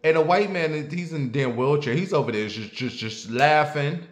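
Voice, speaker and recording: A man's voice: a little high, moderate pace. A man telling a story in a casual, sassy and profane rant, imitating barking dogs as he goes. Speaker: online commentator. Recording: roomy echo.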